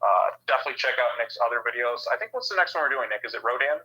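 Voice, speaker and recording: A man's voice: medium pitch, expressive, racing, pushed and bright. A young man, a podcast guest, talking on a phone while walking outdoors, a bit out of breath and rambling with many uhs and likes. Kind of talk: casual movie chat. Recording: dull phone-quality audio.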